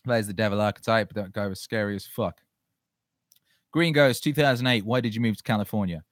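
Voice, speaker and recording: Dude rambling thru listener questions, swears a lot, low voice, dry. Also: male voice, a little fast, dry recording. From England. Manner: loose, profane, rambling with frequent restarts. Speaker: podcast host answering listener questions. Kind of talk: casual solo chat.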